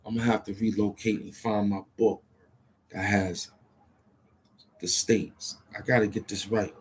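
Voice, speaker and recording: A man's voice: on the low side, little pitch movement, a little slow, husky. A man rambling to himself as he thinks aloud, often hesitating, repeating himself and restarting.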